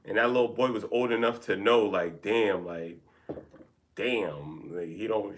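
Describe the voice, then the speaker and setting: A man's voice: fairly low pitch, very animated, normal speed, a bit bright, a little hiss or hum. A man co-host in a casual group chat, talking in a blunt, emphatic way full of swearing. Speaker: podcast co-host.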